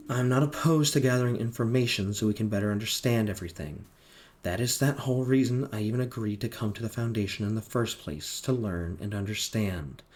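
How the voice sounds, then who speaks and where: A man voicing a calculating male agent in a flat, deliberate monotone. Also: mid-range voice, lightly acted.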